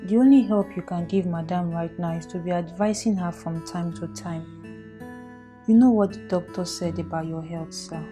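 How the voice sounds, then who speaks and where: A man's voice: high-pitched, moderate pace, mellow, faint music behind, close to an everyday voice. An actor with a Nigerian accent playing a polite household servant who keeps addressing his employer as sir. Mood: respectful. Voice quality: deferential, saying sir. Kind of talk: Nollywood film acting.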